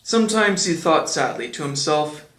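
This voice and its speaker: A man reading a children's storybook aloud in a gentle, measured way, as an audiobook narrator. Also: fairly high pitch, animated. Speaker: audiobook reader. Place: indoor room, on camera. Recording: roomy echo.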